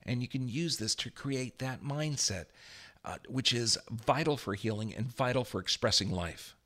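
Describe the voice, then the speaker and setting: A man giving a motivational health talk, emphatic and energetic, swinging his voice up for affirmations. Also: medium pitch, normal speed. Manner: energetic, emphatic, repeats affirmations with rising volume. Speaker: health speaker.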